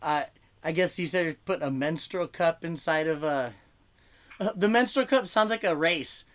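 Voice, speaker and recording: A man's voice: a little high, normal speed, a bit bright. Rambling man doing stand-up over a video call. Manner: rambling, conversational, heavy on fillers like "like". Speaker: comedian doing an open mic set. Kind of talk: stand-up comedy set. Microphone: video call mic.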